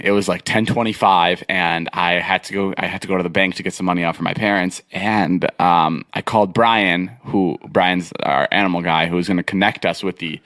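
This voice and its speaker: A man's voice: deep voice, dry recording. A young man telling a long story on a podcast in a casual, rambling way, full of fillers and restarts. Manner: rambling, filler-heavy, animated retelling. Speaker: podcast co-host.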